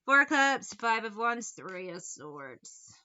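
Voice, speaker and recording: A bright, fairly high woman's voice, cutting through a slightly dull, lo-fi recording. She does a casual tarot reading in a blunt, sarcastic way and swears freely. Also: big pitch swings, slow. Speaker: tarot reader.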